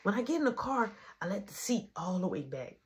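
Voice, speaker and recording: A young woman telling a story from her life in a casual, animated way, rising to loud exclamations and dropping to hushed asides. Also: medium pitch, fairly quick.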